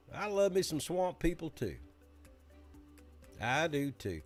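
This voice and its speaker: A man's voice: fairly high pitch, big pitch swings, slow, faint music behind. Folksy Alabama-accented weatherman. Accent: Southern American, Alabama. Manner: folksy, chatty, storytelling. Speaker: weather broadcaster hosting live chat. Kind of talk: casual live-stream chat.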